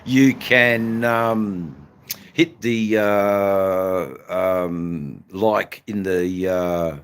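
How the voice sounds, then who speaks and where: A Western Australian man hosting a casual motorcycle live stream, rambling and halting with many fillers. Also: low voice, fairly even intonation, slight background noise. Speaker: motorcycle channel host. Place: indoors in front of a flag backdrop. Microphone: phone.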